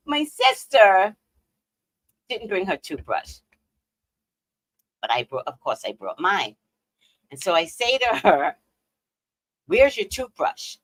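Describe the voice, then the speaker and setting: With a fairly low voice, a woman chats casually with viewers on her livestream, telling animated stories and laughing a lot as she shifts from loud outbursts to hushed asides. The audio quality is poor, with no room sound.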